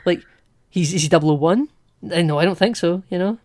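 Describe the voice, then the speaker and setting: A man's voice: high-pitched, quick pace, darkish tone. Male podcast co-host, casual and rambling, peppers his talk with fillers. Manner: chatty, rambling, with many fillers and restarts. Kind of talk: casual film discussion.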